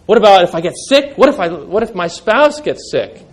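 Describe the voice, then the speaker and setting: A man with a high-pitched voice delivers a sermon, lifting his voice whenever he quotes scripture. Between the verses he talks to the congregation in a plain, conversational way, asking them questions. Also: very animated, fairly quick. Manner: emphatic, rising when quoting scripture, conversational asides to the congregation. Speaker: pastor.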